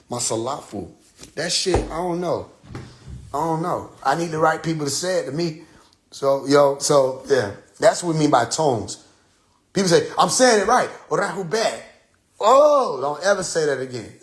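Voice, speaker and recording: A man talking casually on a phone livestream. His voice sits a little high and he swears freely. He laughs between lines and mimics how other people talk. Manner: animated, profane, laughing storyteller who mimics others. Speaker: livestream host.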